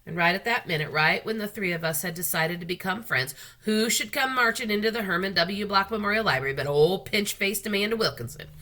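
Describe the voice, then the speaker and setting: A woman librarian reading a children's book aloud, with expressive, unhurried storytelling. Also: mid-range voice.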